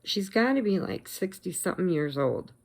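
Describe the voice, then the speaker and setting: A middle-aged woman telling a story casually in her vlog, chatty and animated, acting out the quotes. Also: on the low side, normal speed, creaky. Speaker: vlogger.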